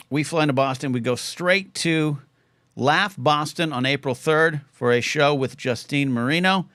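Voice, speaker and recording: A man's voice: medium pitch, a bit bright, dry recording, studio quality. A man hosting a live call-in talk show, rambling casually and often restarting his sentences. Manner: rambling, self-interrupting. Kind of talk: casual livestream chat.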